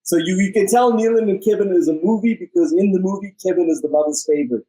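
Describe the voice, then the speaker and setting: A man's voice: high-pitched, fast talker, mellow, poor audio. A man with a South African accent, an actor guest bantering and joking through an interview. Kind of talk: casual interview chat.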